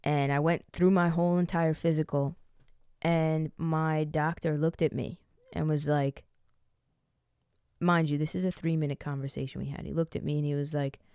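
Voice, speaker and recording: A woman from the United States in her late twenties rambles candidly through a personal story as a vlogger, cursing freely. Her voice is low, level, mellow, clear, and resonant at a moderate pace, with clean studio sound and no echo.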